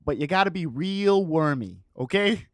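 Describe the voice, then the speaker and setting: A woman playing in a tabletop game, animated and often laughing. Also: low voice, normal speed, no echo, studio quality. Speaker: player. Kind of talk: casual tabletop play.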